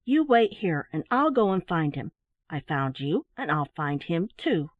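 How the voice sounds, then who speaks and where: A woman's voice: sits low, big pitch swings, measured pace, no echo, voice pushed down, exaggerated voice. A woman voicing an eager, brave little boy who speaks breathlessly in a storybook. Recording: dry, phone-like narrow sound.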